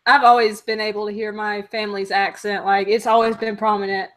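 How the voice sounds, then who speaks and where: A woman's voice: medium pitch, flat delivery, a little fast, a bit bright. A young woman from Alabama with a Southern accent, hosting a casual web chat and reading out viewer comments, with lots of "like" fillers. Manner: chatty, frequent "like" fillers. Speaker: host of a live web show.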